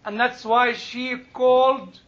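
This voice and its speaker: Man, Bible teacher; very high, bright voice, slow delivery, dull lo-fi recording. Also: fairly even intonation. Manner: slow, searching for English words. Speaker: Bible lecturer. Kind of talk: informal Bible talk. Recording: dull lo-fi sound.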